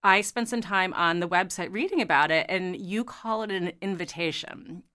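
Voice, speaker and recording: A woman hosting a podcast who chats casually and reacts with enthusiasm to her guest. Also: fairly low pitch. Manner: warm and enthusiastic, quick to react. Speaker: podcast host.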